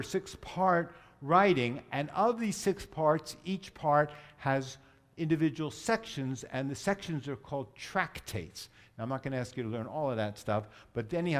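A man giving a Messianic teaching, explaining terms patiently and leading the group to repeat words. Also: a little high. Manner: explanatory, leads group repetition, self-correcting. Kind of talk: teaching sermon.

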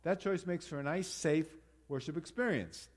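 A man with a slightly higher-pitched voice preaches to his congregation in an easy, conversational way. He pauses, restarts his phrases, and speaks directly to the people in front of him. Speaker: congregation leader. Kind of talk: sermon.

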